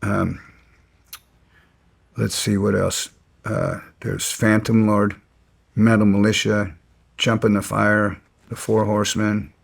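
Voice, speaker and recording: A man's voice: on the low side, level tone, slow pace, gravelly, long pauses, breathy edge. A man as an interview guest, telling stories bluntly and with some resentment, stumbling and restarting his sentences. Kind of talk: casual storytelling.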